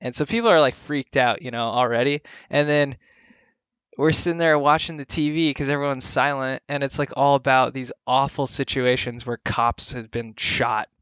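A man chats casually, telling a rambling anecdote packed with filler words. His voice is smooth and resonant. The recording is dry and close, with no room sound. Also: mid-range voice, fairly even intonation, normal speed, a bit bright, no echo. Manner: rambling storytelling with frequent "like" fillers. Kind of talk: casual chat.

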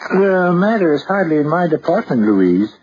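A cautious middle-aged father dodges questions in formal, roundabout phrases with a slightly high voice. It is a 1940s radio drama. The recording is dull and lo-fi with a faint hiss. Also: very animated, normal speed, a little mellow. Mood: evasive. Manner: formal, wordy, evasive.

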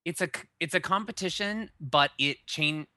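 A man co-hosting a podcast, his voice bright and forward, recorded close and dry with no room sound. He chats in an animated way and keeps restarting his sentences. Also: fairly high pitch, normal speed, no room sound. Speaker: podcast co-host. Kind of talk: casual chat.

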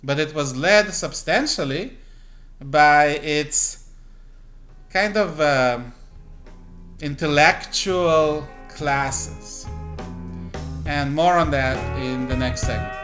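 A man hosting a political commentary monologue, speaking deliberately with frequent pauses, fillers and throat-clearing. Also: fairly high pitch, fairly bright tone, faint music behind.

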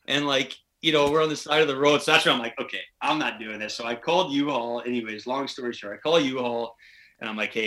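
On a laid-back podcast, a professional hockey player rambles through a lengthy anecdote, acting out everyone he quotes. He speaks at a medium pitch with a pushed, bright quality.

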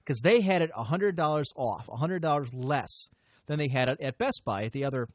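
A man's voice: mid-range voice, a little fast, no room sound. A man hosting a podcast, telling a long story in a rambling, profane way and often interrupting himself. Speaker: podcast host. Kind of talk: casual storytelling chat.

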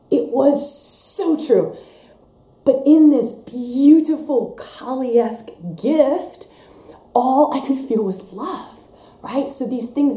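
A young adult woman giving a casual spiritual teaching, lively and expressive, slipping into playful voices for quotes. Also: medium pitch. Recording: echoey room.

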